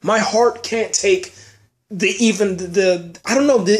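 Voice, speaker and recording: A man's voice: sits high, measured pace. A young man hosting a podcast, rambling in emotional, exasperated casual commentary, stammering and repeating himself often. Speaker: podcast host.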